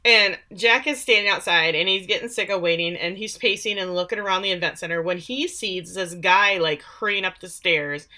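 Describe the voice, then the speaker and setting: A woman's voice: lowish voice, moderate pace, few pauses, sharp tone. A woman co-hosting a podcast, recapping a TV episode in casual chat with sarcastic asides and lots of fillers. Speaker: podcast co-host.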